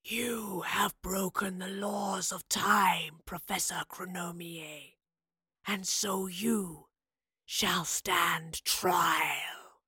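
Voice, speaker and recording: Rasping, ghostly time guardian. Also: female voice, lowish voice, fairly even intonation, sharp tone, no echo, clean studio sound, exaggerated voice. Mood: cold menacing. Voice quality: rasping, hollow whisper. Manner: slow, measured, menacing. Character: ancient hooded time guardian, cold and merciless. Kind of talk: audiobook narration.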